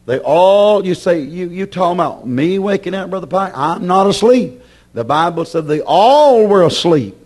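A man preaching a sermon with passion, acting out his listeners' objections and swinging between loud declarations and hushed warnings. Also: sits high, animated, normal speed. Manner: voices imagined objections from the congregation.

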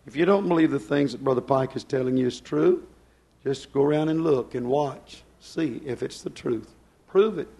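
A man preaching to a church congregation, fervent, swinging between loud outbursts and hushed asides. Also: medium pitch, moderate pace, creaky, breathy edge. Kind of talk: Pentecostal-style sermon. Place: church service.

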